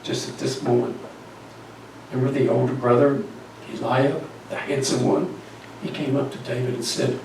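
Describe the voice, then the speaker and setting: A man's voice: mid-range voice, level tone, normal speed, creaky, pauses often, darkish tone, slight background noise. A man preaching a sermon, telling a story and asking the congregation questions. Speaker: pastor. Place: church sanctuary. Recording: echoey church hall from far off.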